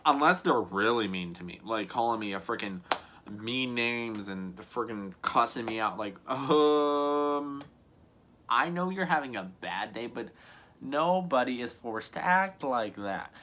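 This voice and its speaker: A man's voice: medium pitch, expressive, a little slow, pushed and bright, a little hiss or hum. A young man telling a casual storytime vlog to camera, rambling and earnest, full of "like" and "you know what I mean". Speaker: YouTuber.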